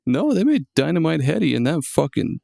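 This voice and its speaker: A man's voice: fairly high pitch, sing-song, brisk, creaky, dark tone, no room sound, clean studio sound. A man in his thirties co-hosting a casual podcast, laid-back and swearing often. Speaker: podcast co-host. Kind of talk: casual chat.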